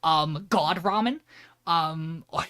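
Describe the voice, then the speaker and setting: A man's voice: a little high, slow, pushed and bright, clean tone. A man co-hosting a podcast, giving a loose, joking plot recap and swearing freely. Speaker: podcast co-host.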